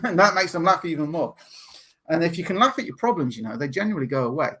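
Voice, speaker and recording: An English man talking as a podcast guest, animated and laughing often as he acts out other people's voices. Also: on the high side, fast, husky. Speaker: guest, NLP practitioner. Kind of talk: podcast interview.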